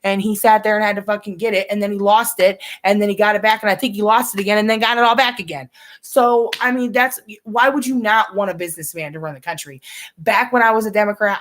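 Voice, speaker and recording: A young woman from the United States chatting casually on a live reaction stream, rambling, restarting her sentences and swearing often. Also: mid-range voice.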